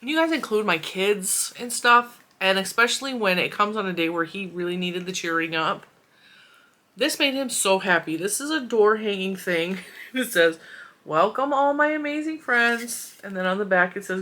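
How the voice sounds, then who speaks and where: A woman's voice: fairly low pitch, bright, forceful tone. A woman in her forties hosting a crochet channel, chatting casually and emotionally as she opens mail, with giggles and fillers. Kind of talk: casual chat unboxing mail.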